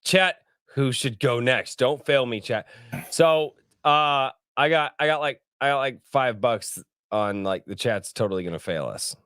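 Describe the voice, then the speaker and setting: A man's voice: medium pitch, measured pace, smooth, no echo, clean studio sound. A man hosting a tabletop game stream, chatting casually and joking with the players. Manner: animated, joking, swearing. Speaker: host and player.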